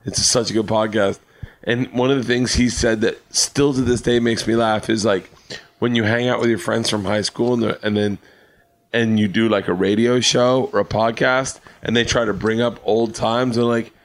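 Talking over the others and laughing, a tipsy middle-aged comedian tells loud, animated stories backstage at a comedy club for a late-night podcast. His voice is lowish and his pace moderate.

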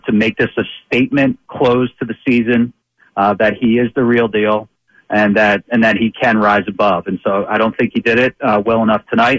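A man on as a guest sports reporter, giving measured football analysis, often pausing on fillers and restarting sentences. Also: lowish voice, a bit bright, no room sound, dull audio.

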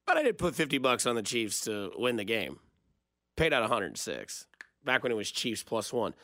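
A man hosting a sports call-in radio show, reacting to callers in a dry, low-key, deadpan way. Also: moderate pace, no echo. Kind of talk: casual call-in radio chat.

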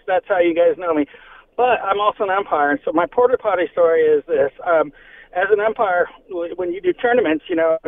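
A man's voice: high-pitched, creaky. A man calling in to a talk radio show, telling a rambling story. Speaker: caller. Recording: tinny phone line with faint noise.

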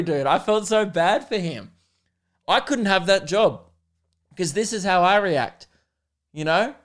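Young Aussie male podcast host, casual profane rant, clear and bright in tone, self-mocking. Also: high-pitched. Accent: Australian.

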